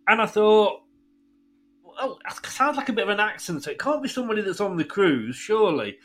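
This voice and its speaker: A man's voice: sits high, big pitch swings, fast, sharp tone, soft background music. A middle-aged man hosting a radio show, chatting with a caller and laughing through his stories. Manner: chatty storyteller, laughs often. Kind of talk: casual chat with a caller.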